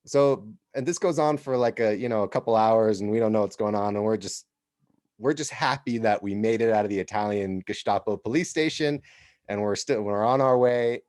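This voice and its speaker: A podcast co-host from the United States tells a rambling story in a casual way. His voice sits low. The recording is dry and close. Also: fairly quick, darkish tone, dry recording. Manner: rambling, with frequent restarts and laughs.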